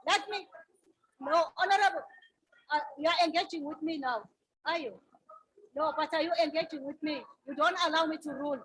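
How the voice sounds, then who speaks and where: A woman's voice: sits high, fairly quick, long pauses, fairly bright tone, poor audio. A woman chairing a heated parliamentary debate, firmly calling members to order.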